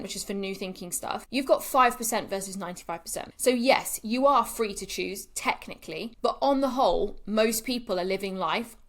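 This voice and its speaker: A woman's voice: a little high, a bit bright. A woman, a coach speaking to camera in a candid, emphatic monologue that swears freely and repeats for effect.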